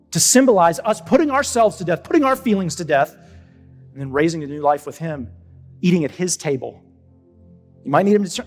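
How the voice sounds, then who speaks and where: A younger man, a pastor, preaching a conversational sermon with animated stops and restarts. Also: fairly high pitch. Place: church auditorium. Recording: church hall with long reverb.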